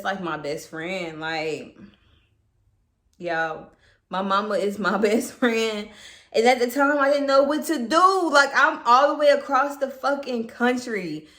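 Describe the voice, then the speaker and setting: Candid young woman vlogging in an echoey room. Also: mid-range voice. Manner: candid, swears freely, chatty and animated. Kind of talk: casual storytime chat. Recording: echoey room with background noise.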